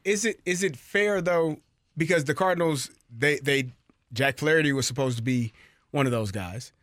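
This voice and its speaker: A man's voice: a little high, moderate pace, fairly bright tone, no room sound. A man co-hosting a sports talk show, making his case hesitantly with stammered restarts. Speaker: sports radio co-host.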